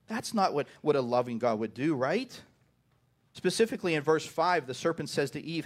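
A man's voice: on the high side, expressive, moderate pace. A man preaching a sermon to his congregation. He often repeats the first words of a phrase and keeps asking "right?". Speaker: pastor.

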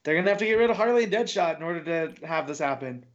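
A man co-hosting a casual comic podcast who talks haltingly, with many fillers and restarts. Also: on the high side, animated. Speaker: podcast co-host. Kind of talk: casual comic book discussion. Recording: dull lo-fi sound.

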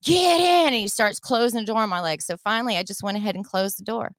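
A middle-aged woman telling a personal story as a podcast guest, in a heated, profane and animated way. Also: mid-range voice, quick pace, no echo.

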